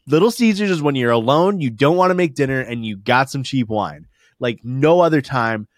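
Podcast co-host, male, mid-pitched, dry close sound; rambling, profane comic delivery. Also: animated, normal speed, dry recording. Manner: rambling, profane, laughing at own jokes. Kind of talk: casual comedic chat.

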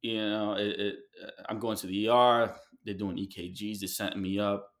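A man's voice: on the low side, little pitch movement, a bit bright. Man from New York telling a heartfelt story. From New York City. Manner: heartfelt, halting, many fillers and restarts. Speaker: guest artist. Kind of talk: candid personal storytelling in an interview.

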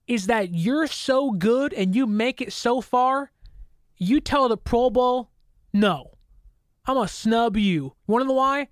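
A woman giving an opinionated sports talk to camera, indignant and animated, slipping into mocking quoted voices. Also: a little high, no echo, studio quality. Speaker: sports commentator.

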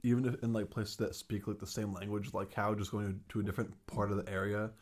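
A young male host in his twenties chatting casually. His voice sits low. He halts often, stacking "like" and restarts as he wonders aloud. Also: flat delivery, darkish tone. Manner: halting, filler-heavy questions and musings. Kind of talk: casual chat.

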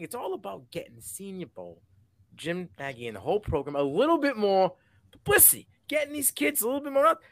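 A man co-hosting a sports podcast in casual chat, animated and rambling, laughing often. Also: sits high, dry recording. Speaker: podcast co-host.

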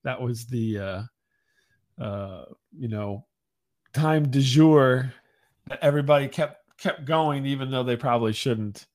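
A man co-hosting a podcast, speaking haltingly with many fillers and dry wit. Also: mid-range voice, darkish tone. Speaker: podcast co-host. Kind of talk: casual chat.

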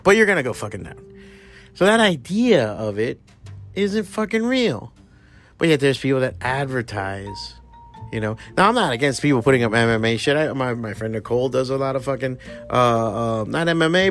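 A man hosting a podcast, ranting bluntly with heavy swearing and bits of Spanish slang. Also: mid-range voice. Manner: profane, blunt and animated. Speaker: podcast host. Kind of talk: casual ranting commentary.

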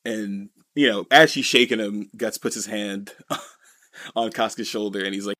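A man's voice: on the low side, unhurried, bright, forceful tone. A man co-hosting a podcast, recapping a comic in casual chat, rambling and full of "you know" and "like". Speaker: podcast co-host.

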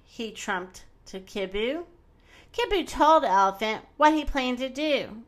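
A woman reading a children's storybook aloud in an expressive, animated way. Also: on the high side, slow pace.

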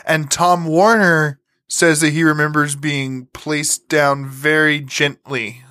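A man's voice: fairly high pitch, steady tone, slow, bright, forceful tone. A man co-hosting a casual podcast, retelling an alien encounter story with swearing and laughter. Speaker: podcast co-host.

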